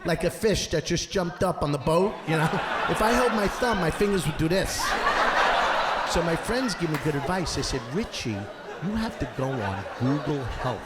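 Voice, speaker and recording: A man doing a stand-up comedy set on a theater stage, acting out characters and shouting his punchlines. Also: a little high. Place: theater stage before a live audience. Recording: roomy hall sound with audience noise. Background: audience laughter.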